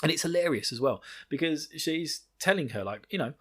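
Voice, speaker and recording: A man's voice: fairly high pitch, animated, a bit bright, breathy edge. A man hosting a podcast, recapping a book chapter in casual chat, rambling and laughing, with the odd swear. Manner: rambling, laughing, swearing, quick acted quotes. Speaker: podcast host.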